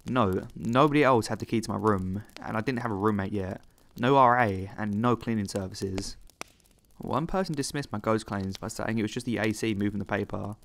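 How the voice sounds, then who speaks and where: Low-voiced man narrating horror stories. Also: normal speed, gravelly, fairly bright tone. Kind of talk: scripted narration.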